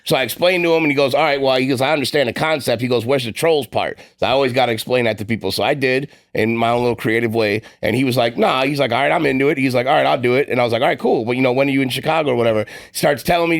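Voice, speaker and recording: Male host, rapid rambling storyteller, gravelly edge. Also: medium pitch, no room sound, clean studio sound. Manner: fast, rambling storyteller with fillers. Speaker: podcast co-host. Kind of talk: casual podcast chat.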